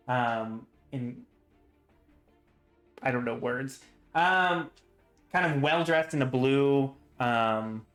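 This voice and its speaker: A man narrating as game master of a tabletop game, talking haltingly with many fillers. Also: mid-range voice, fairly bright tone, roomy sound.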